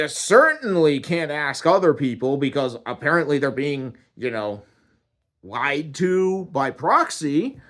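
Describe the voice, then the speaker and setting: A man rambling through a comic first-person monologue, deadpan and full of swearing. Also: on the high side.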